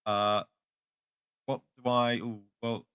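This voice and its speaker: A man's voice: medium pitch, little pitch movement, slow pace, fairly bright tone, smooth, dry recording, muffled recording. A man playing a tabletop game, hesitant and asking questions about the rules. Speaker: player.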